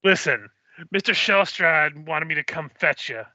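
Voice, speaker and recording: Gruff, crotchety aging goblin custodian, put on by a man; bright and tense, dry lo-fi sound. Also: on the high side, lively intonation, unhurried, dry recording, heavily acted. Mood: grumbling. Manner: gruff, grumbling, swears.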